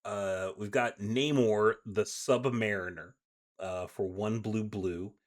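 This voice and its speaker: A man's voice: on the low side, steady tone, slow pace. Man reading card text in casual chat. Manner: chatty, hesitant fillers, reads card text aloud. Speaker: podcast co-host. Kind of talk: casual rules discussion.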